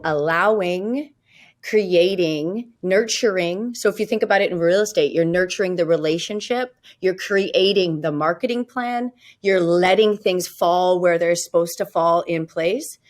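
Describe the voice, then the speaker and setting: Woman, podcast guest, lowish voice, upbeat, laughs at her own remarks. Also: normal speed. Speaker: guest, real estate agent. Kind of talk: casual interview talk.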